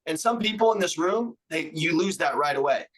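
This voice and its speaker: A man coaching salespeople on a live call, energetic and joking, trading lines with his co-host. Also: a little high, a little fast, low-quality recording. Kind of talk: lively sales training talk. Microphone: online call.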